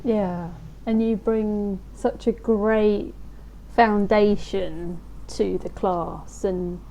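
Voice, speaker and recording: A woman's voice: medium pitch, fairly even intonation, extremely slow, warm tone, slight background noise. A woman instructor hosting a casual video call interview, bubbly and laughing often.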